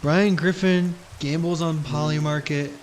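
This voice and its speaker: A man's voice: fairly high pitch, steady tone, measured pace, soft background music. A man streaming a game, chatting casually, rambling and giggling as he trails off. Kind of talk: casual gaming commentary.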